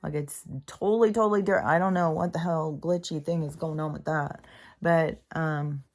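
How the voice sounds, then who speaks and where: A woman's voice: deep voice, fairly even intonation, moderate pace, darkish tone. A middle-aged woman vlogging about spirituality in a meandering, casual monologue, full of fillers and swearing.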